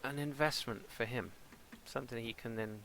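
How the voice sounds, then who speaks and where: This British man from England is a gaming streamer and a father with a son, chatting casually over gameplay from a home setup with a green screen. His voice is medium in pitch and moderate in pace, with a lot of noise in the recording. He rambles and answers back to the characters on screen.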